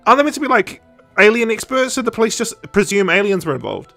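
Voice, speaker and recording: A man's voice: high voice, very animated, fast, vocal fry, pushed and bright, soft background music. A man co-hosting a podcast, chatting casually and rambling through jokes and silly impressions. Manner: rambling, jokey, mimics characters with sound effects. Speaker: podcast co-host. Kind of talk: casual chat.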